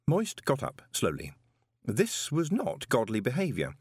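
A man narrating an audiobook in an expressive storytelling manner. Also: medium pitch, unhurried, husky, no room sound.

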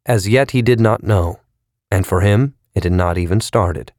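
A man reading a novel aloud in a measured, expressive storytelling manner. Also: fairly low pitch, no echo, studio quality. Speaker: narrator. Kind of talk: audiobook narration.

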